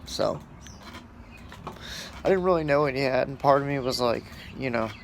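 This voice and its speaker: A man's voice: mid-range voice, normal speed, creaky, a little hiss or hum. A man who works as a store shift supervisor, telling a story in a casual, blunt and profane way, rambling with fillers.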